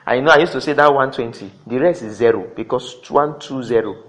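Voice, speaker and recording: A middle-aged man preaching a sermon, swinging between loud exclamations and quiet asides. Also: mid-range voice, brisk, poor audio.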